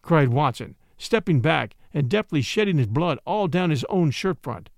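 Male storyteller, high lively voice, expressive audiobook read, dry close sound. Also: normal speed, gravelly, dry recording. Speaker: story narrator. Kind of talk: audiobook reading.

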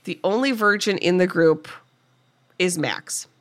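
A woman's voice: fairly low pitch, a little slow. A woman casually recapping a movie plot as a podcast co-host, acting out the characters' lines.

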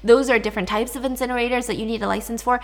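A woman hosting a podcast, retelling a story in an animated, casual way. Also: fairly high pitch, racing. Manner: chatty, animated, swearing. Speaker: podcast host.

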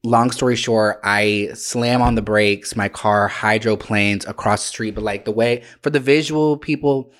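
A man's voice: lowish voice, fairly even intonation, measured pace, hardly any pauses, fairly bright tone. A man co-hosting a podcast, telling stories in a rambling, hesitant way with restarts and swearing. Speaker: podcast co-host. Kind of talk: casual storytelling chat.

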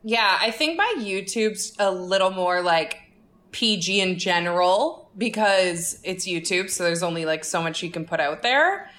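A woman guesting on a podcast tells a story in quick, animated bursts and laughs often. Her voice is bright and forward, and it rings a little in a roomy space. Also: on the low side. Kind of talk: casual chat.

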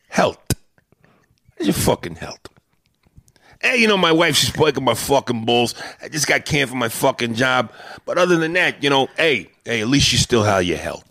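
A man doing a gravelly tough guy. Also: medium pitch, a bit bright, no room sound, studio quality. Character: brash old-school Italian-American tough guy.

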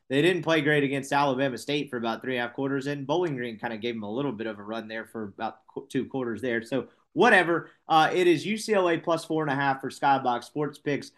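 A man co-hosting a sports podcast, giving college football picks in a casual, joking way with frequent self-corrections. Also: medium pitch. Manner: chatty, self-correcting, tongue-in-cheek. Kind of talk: casual sports betting chat.

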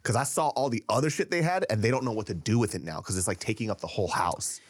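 A man co-hosting a podcast, in loud casual banter that is full of swearing and laughter. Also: fairly low pitch, very animated, fast, no echo, studio quality. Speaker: podcast co-host. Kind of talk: casual chat.

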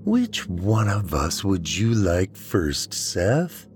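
Vengeful young witch done by a guy, soft cooing then growly orders, low-ish voice, faint music under. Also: very animated, extremely slow, heavily acted.

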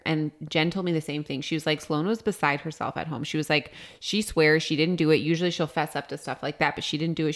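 Low-pitched woman chiming in casually. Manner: interjecting, correcting details. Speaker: podcast co-host. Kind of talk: casual chat.

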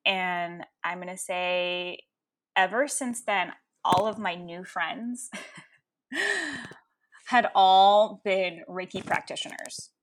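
A woman in her thirties, a coach and Reiki healer, telling a personal story in an animated, frank way with laughs. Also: on the low side, takes it slowly. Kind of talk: storytelling interview.

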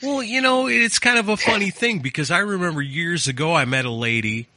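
A man co-hosting a casual chat, telling a story with animated delivery and acted-out quotes. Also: sits high, brisk, no room sound. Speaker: podcast co-host.

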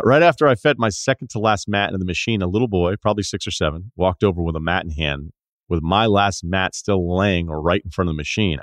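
Deep voiced guy hosting a podcast, reading listener mail with dry little jokes, very dead studio sound. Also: a bit bright, no room sound. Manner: wry, conversational, reads listener email aloud with asides. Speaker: podcast host. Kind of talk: casual podcast talk, reading listener emails.

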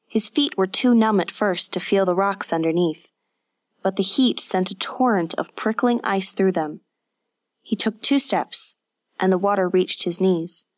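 A woman narrating a scripted story in a measured, vivid reading. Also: mid-range voice.

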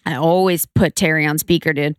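A woman in her late twenties co-hosting a podcast, telling stories in an animated way and acting out other people's lines. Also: deep voice, brisk, smooth, no echo, clean studio sound. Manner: animated storytelling, acts out her mom's lines. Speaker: podcast co-host. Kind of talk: casual chat.

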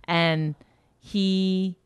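Lively, teasing woman from Canada. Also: fairly low pitch, very slow, clean tone, no room sound. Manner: lively, teasing, mimics voices in stories. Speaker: podcast co-host. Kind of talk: casual chat.

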